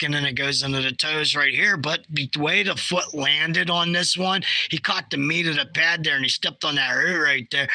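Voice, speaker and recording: Bright, dry-voiced blunt man. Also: fairly high pitch, no room sound, rough recording. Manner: animated, jokey, blunt. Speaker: bigfoot researcher. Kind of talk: casual chat showing field photos.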